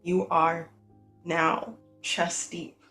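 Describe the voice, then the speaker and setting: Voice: medium pitch, level tone, very slow, creaky, pushed and bright. A game master narrates a tabletop game in a loose, rambling style, full of fillers and restarts. Faint music runs underneath.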